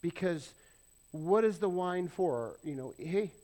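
A middle-aged male pastor preaching a relaxed, talky sermon in a church. His voice sits a little high for a man, and he fills it with self-deprecating asides and acted-out quotes. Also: slow. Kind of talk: conversational sermon. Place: church sanctuary.

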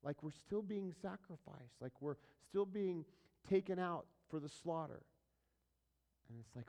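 A male pastor teaching a verse-by-verse sermon, casually asking his listeners questions and moving between quiet asides and louder emphatic passages. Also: fairly high pitch, moderate pace. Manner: conversational preaching, asks the audience questions, swings between soft and loud.

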